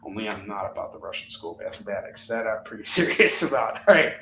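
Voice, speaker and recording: A man's voice: fairly low pitch, animated, quick pace, a bit bright, slight background noise. A middle-aged man hosting a live comic book sales stream at home, joking and chatting off the cuff. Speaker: host and comic book seller. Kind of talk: live shopping stream chat. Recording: roomy echo, a little far from the mic.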